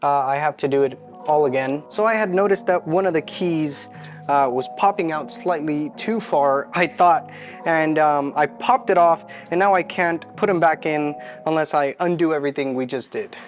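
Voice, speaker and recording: A casual home mechanic explains each step out loud as he works. His voice sits a little higher than most men's, and he keeps things loose and self-mocking. Faint music plays softly behind him. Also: moderate pace. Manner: chatty, self-deprecating, talks to himself mid-task. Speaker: home mechanic channel host. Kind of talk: casual how-to narration while working.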